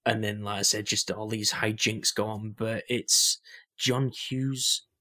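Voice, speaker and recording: A man's voice: lowish voice, fairly even intonation, a little slow, bright, forceful tone. A young man co-hosting a podcast in casual chat, rambling with lots of fillers and restarts. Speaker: podcast co-host.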